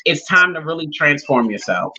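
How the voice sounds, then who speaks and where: A woman's voice: low voice, very animated, normal speed, bright, forceful tone, dull audio. A woman guest in an online interview, talking like a preacher and repeating her key phrases for emphasis. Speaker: guest speaker.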